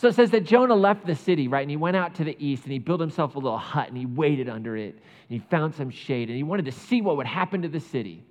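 A man preaching a sermon, retelling a Bible story with lively asides and playing out the characters' lines. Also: on the high side, fast, few pauses, long reverb tail. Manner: animated storytelling, acts out biblical characters. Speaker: pastor.

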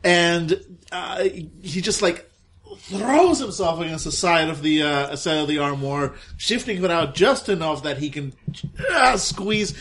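A man's voice: a little high, unhurried, fairly bright tone, a little hiss or hum. A man playing a tabletop horror game, narrating his character's escape with chuckles and fillers. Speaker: player.

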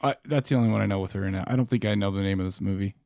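A man's voice: on the low side, rapid-fire, vocal fry, a little mellow, dry recording, clean studio sound. A man co-hosting a casual podcast, guessing movie answers and muttering to himself as he thinks.

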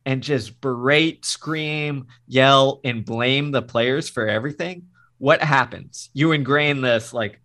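A man's voice: mid-range voice, slow, sharp tone. A middle-aged man who has coached, talking earnestly and emphatically in a casual podcast chat. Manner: earnest, emphatic, mixes in acted quotes.

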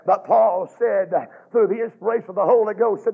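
A man preaching a fervent sermon, chanting his phrases with drawn-out "uh"s and building to shouts. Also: sits high, fairly even intonation, vocal fry, slightly rough. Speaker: Baptist preacher. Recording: tinny, phone-like lo-fi sound.

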